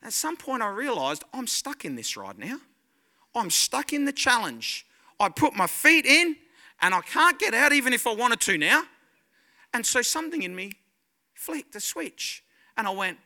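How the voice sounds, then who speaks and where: A man preaching as a guest pastor, telling a lively personal story and acting out his own fear and excitement. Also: very high voice, moderate pace. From Australia. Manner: animated storytelling, acts out his own panic and joy.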